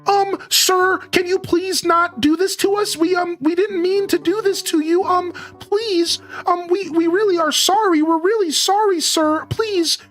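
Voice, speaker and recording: A streamer voicing a pack of bratty young kids in an online game, high and whiny, taunting and then pleading. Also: fairly even intonation, unhurried, hardly any pauses, a bit bright, soft background music. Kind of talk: comic storytelling with put-on voices.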